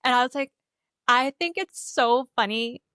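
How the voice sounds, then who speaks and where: At a measured pace, a young woman with a slightly high, fairly bright, smooth voice co-hosts a podcast. She gives an animated, casual movie recap, acting out the characters' lines, in a dry, studio-quality recording.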